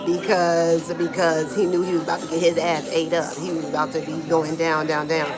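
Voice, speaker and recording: A woman giving casual live-stream commentary from home in Brazil, talking in a slangy, animated way and answering chat comments, with a small clip-on mic. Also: deep voice, a little fast. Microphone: small clip-on microphone being tested. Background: Brazilian music playing.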